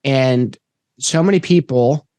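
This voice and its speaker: A man's voice: medium pitch, slow, dark tone, no room sound. A man hosting a podcast, talking in a reflective, conversational way. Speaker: podcast host. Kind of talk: casual podcast interview.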